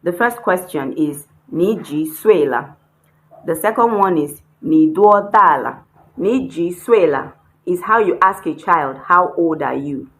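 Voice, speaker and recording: A woman's voice: fairly low pitch, animated, measured pace, low-quality recording. A woman teaching a beginner language lesson, repeating words and spelling them out. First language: not Chinese. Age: adult, not a child. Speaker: Chinese teacher. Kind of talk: slow, deliberate language lesson.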